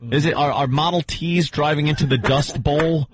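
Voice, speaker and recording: A man's voice: on the high side, steady tone, moderate pace, background noise. A man co-hosting a comedy talk radio show, mocking and slipping into put-on voices. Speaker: radio co-host.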